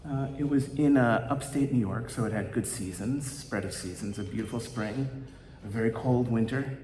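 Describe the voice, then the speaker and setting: A male pastor telling a story in a sermon, in a halting way with many ums and uhs. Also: medium pitch, dark tone, echoey room, in a large hall.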